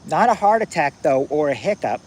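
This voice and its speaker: A man hosting a casual trivia game on a livestream, reading viewers' answers aloud in a halting, repetitive way, outdoors at night on a phone. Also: fairly high pitch, very animated, a little mellow, poor audio. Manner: halting and repetitive, restarting phrases, drawling out answers.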